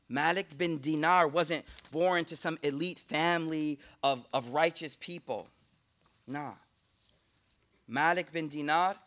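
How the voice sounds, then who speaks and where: A man with a high-pitched voice delivers a storytelling sermon. He acts out a dream story, swinging from loud, excited lines to hushed ones. His talk is casual, with bits of slang. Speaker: speaker, Islamic teacher.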